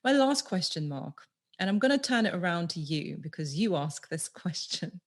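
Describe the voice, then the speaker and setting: Woman host, lowish voice, slow thoughtful questions. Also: big pitch swings. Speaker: podcast host. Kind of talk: interview questions.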